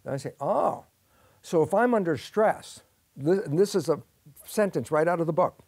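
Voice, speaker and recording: A man's voice: on the high side, normal speed, dry recording. A man being interviewed as a guest scientist, explaining at length and acting out both sides of imagined conversations. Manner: lively, acts out both sides of imagined dialogues.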